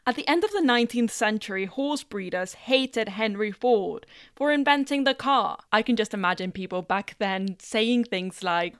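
A woman's voice: medium pitch, moderate pace, few pauses, clean tone, no room sound, studio quality. A woman vlogger giving blunt, opinionated commentary.

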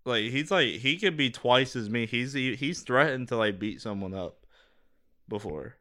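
A man's voice: mid-range voice, expressive, moderate pace, pushed and bright. A young man co-hosting a podcast, telling stories in a rambling, laughing way in casual chat. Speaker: podcast co-host.

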